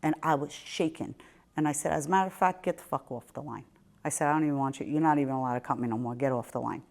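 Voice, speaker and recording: A woman with a Staten Island accent hosting a podcast, telling a story in a brash, profane, animated way. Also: extremely low pitch, fast, creaky. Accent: Staten Island New York. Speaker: podcast host. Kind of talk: casual storytelling chat.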